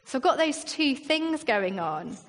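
High-voiced woman preaching in a reverberant hall. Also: very animated, a little slow. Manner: conversational, with rhetorical questions and acted-out quotes. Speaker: church leader preaching. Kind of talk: sermon.

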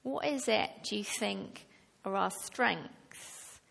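A woman preaching a sermon to her church, slow and deliberate, rising to emphatic passages. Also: medium pitch, creaky, fairly bright tone. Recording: long reverb of a hall.

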